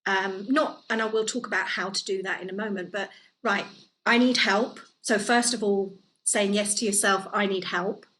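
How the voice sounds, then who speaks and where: A woman's voice: medium pitch, steady tone, normal speed, fairly bright tone, a little hiss or hum, rough recording. A woman co-hosting a podcast, talking in a casual, earnest way and giving advice, with many fillers and restarts. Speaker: podcast co-host. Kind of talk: casual conversational chat. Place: living in Italy.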